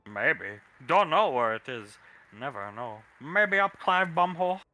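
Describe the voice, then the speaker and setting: A man's voice: fairly high pitch, sing-song, unhurried, bright, forceful tone, faint music behind, exaggerated voice. A man voicing a brutish, dim-witted male creature who speaks in broken grammar. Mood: gruff. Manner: caveman-style broken grammar, gruff.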